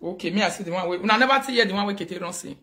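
Animated Nigerian man, bright high voice. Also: racing. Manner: animated, mixes Pidgin and Yoruba, laughs often. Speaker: show host. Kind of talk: casual live-show commentary.

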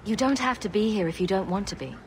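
A woman voicing a calm, resolute heroine. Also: medium pitch, quick pace, slight background noise, natural voice. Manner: calm, reassuring. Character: resolute woman hero leading her companions.

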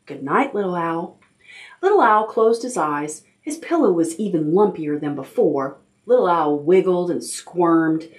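A woman librarian reads a picture book aloud at toddler storytime in a library. Her voice sits a little low, and she tells the story gently and expressively. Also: lively intonation, a little slow, hardly any pauses. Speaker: children's librarian.

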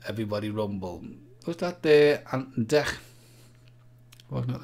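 A man's voice: lowish voice, expressive, moderate pace, long pauses, darkish tone, breathy edge. A man hosting a live-stream vaping quiz, playful and jokey, humming jingles and reading out viewers' answers. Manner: jokey, sings jingles, reads out viewer names. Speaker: livestream quiz host.

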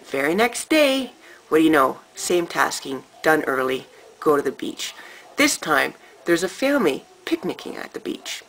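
Woman vlogger, low bright voice, animated and emphatic storyteller. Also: slight background noise, rough recording. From Canada. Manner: animated, emphatic, with dramatic pauses. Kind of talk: casual storytelling to camera.

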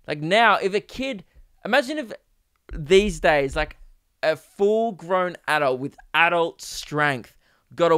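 On his podcast, a young man delivers a casual comedic monologue, telling crude stories in a deadpan, rambling way packed with ums and uhs. His voice is fairly high and clean, captured in a dry, clean studio recording.

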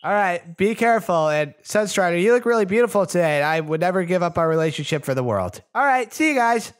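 A man's voice: high voice, expressive, brisk. A man voicing a clueless, sweet young boyfriend who stammers and rambles. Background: background music.

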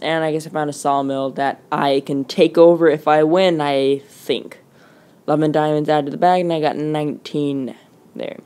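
A woman narrates her mobile gameplay in a casual, rambling way, filling gaps with "like" and "um". Her voice sits fairly low for a woman. She hurries along as she flips between screens. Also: warm tone. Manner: rambling, casual, quick with fillers. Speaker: gaming channel host. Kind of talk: gameplay commentary.

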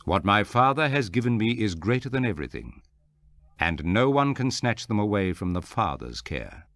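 Low-voiced guy reading jesus, calm teacher, measured, dry close mic. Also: dry recording. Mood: earnest. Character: Jesus, a calm adult male teacher speaking with authority. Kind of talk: scripture reading.

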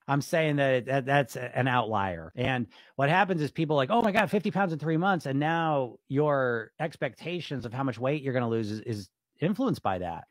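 A man's voice: medium pitch, dry recording, studio quality. A man reading viewer comments aloud on a livestream and answering them bluntly and skeptically, swearing casually and laughing often. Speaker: weight loss coach on a livestream.

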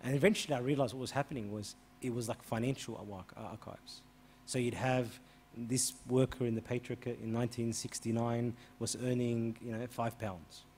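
Animated priest telling a story. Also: male voice, brisk, a little hiss or hum. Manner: animated, re-enacts dialogue with rising pitch and volume. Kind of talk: storytelling interview answer.

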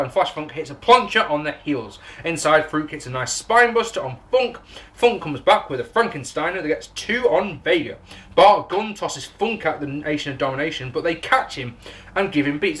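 A man's voice: a little high, lively intonation, fairly quick, fairly bright tone. A man with an English accent, recapping and reviewing a wrestling show in a rambling, sarcastic way, swearing and laughing at his own jokes. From England. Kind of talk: casual recap and commentary.

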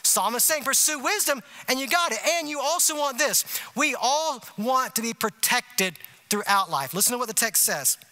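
A man's voice: very high-pitched, normal speed, few pauses. A male pastor, preaching a conversational sermon full of rhetorical asides like "you see what I'm saying?". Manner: animated, emphatic delivery. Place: church sanctuary.

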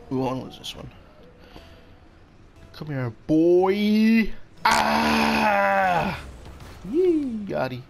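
A man with a gravelly, fry-heavy voice gives casual gameplay commentary, slow and unhurried between plays but swinging widely in pitch when he reacts. He blurts out short exclamations and talks to his opponent and to himself. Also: a little hiss or hum. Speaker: gaming channel host.

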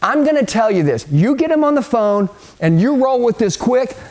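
Very high-pitched at a normal speed, a middle-aged man runs an energetic sales training talk. He's punchy and hyped, speaking to the listener directly while acting out phone calls.

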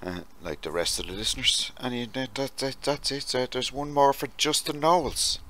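A man's voice: mid-range voice, lively intonation, moderate pace, pushed and bright. An Irish man co-hosting a podcast in casual chat, stumbling and apologetic, laughing often. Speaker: podcast co-host.

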